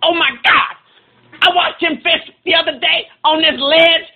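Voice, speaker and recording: Loud excitable guy with a high voice going off on a rant, phone-line audio. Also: measured pace. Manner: brash, excitable, swearing. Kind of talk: comic ranting. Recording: tinny phone-like sound.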